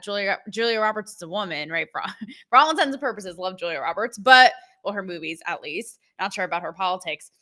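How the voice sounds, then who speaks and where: A woman hosting her own show, talking in a chatty, animated commentary style with laughs and quick asides. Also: mid-range voice. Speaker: show host. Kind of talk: casual commentary.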